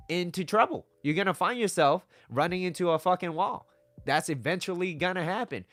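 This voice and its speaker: A man's voice: medium pitch, fairly bright tone, no echo. A man giving blunt relationship advice in a casual talk to camera, swearing freely and checking in with "right?" again and again. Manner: blunt and conversational, swears, keeps asking "right?". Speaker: dating and relationship advice vlogger.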